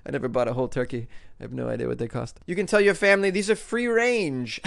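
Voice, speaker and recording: A man from Massachusetts hosting a radio talk show, riffing on odd news stories in a wry, joking, animated way. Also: mid-range voice, quick pace, vocal fry.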